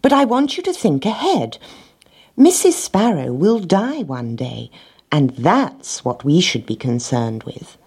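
A woman's voice: on the low side, big pitch swings, a little slow, a little mellow, slightly rough, pitched above the performer's own voice, full character voice. An earnest bossy little hen, as a woman puts her on. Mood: insistent. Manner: insistent, explaining.

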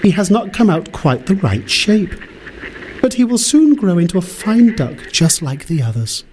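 A man voicing a proud, protective mother duck in a storybook, explaining gently in a raised voice. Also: high-pitched, sing-song, moderate pace, slight background noise, voice pushed up, poor audio. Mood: reassuring.

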